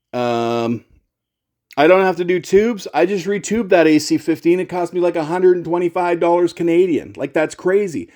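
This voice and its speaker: A middle-aged man talks through his gear in a loose, rambling vlog. His voice sits a little high for a man. He keeps it chatty and pokes fun at himself as he goes. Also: darkish tone. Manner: rambling, chatty, self-deprecating. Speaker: YouTuber and pedal demo host.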